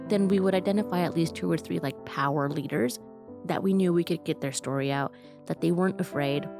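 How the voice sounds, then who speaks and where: A young woman with a low voice tells a personal story about her life and community work. She talks in an earnest, emotional way, full of fillers. Music plays clearly behind her. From Colorado. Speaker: community organizer.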